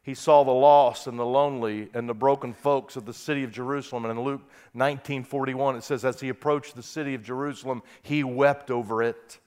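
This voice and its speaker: A man preaching a sermon who reads scripture aloud and swings from quiet, soft passages to loud, impassioned peaks. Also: medium pitch, steady tone, fairly quick, few pauses, smooth. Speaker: pastor.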